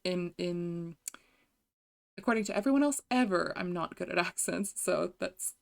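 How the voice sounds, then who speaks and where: A woman's voice: lowish voice, creaky. A woman streamer chatting casually with viewers, giggly and self-deprecating, often trying out voice impressions. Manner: giggly, self-deprecating, slow and soft-spoken.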